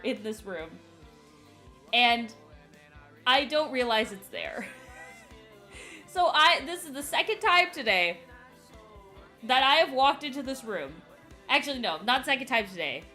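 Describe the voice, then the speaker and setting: Bright, laughing young woman streamer. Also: a little high. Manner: animated, profane storytelling with frequent laughter. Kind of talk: casual live-stream chat.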